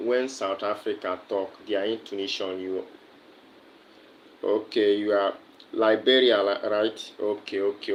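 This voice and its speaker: A man's voice: lowish voice, a little hiss or hum, low-quality recording. A man with a Nigerian accent chatting on a livestream, answering viewers' comments with lots of fillers and repeated words. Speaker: livestream host. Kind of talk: casual livestream chat.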